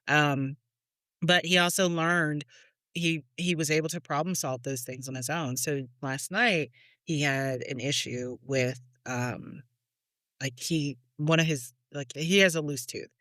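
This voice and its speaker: Talk it out slowly like a mom sharing a funny story with friends, laughing along as you go, woman's voice, no room sound. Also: low-pitched, steady tone, fairly bright tone, no room sound, clean studio sound. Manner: chatty storyteller, laughs often. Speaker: podcast co-host, mother. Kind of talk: casual parenting chat.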